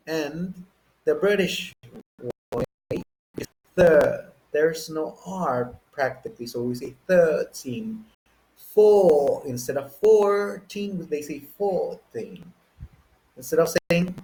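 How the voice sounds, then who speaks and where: A man with a Texan accent, from the Chihuahua and Texas border area, teaching an English coursebook lesson slowly and deliberately, counting item by item. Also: medium pitch, darkish tone, low-quality recording. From Chihuahua–Texas border region.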